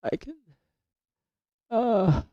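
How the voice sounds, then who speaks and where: A young man streaming live with a hoarse, cracking voice from illness, rambling and swearing in casual chat. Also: high-pitched, expressive, drawn-out words, no echo, muffled recording. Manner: coarse, rambling, swears a lot, repeats himself.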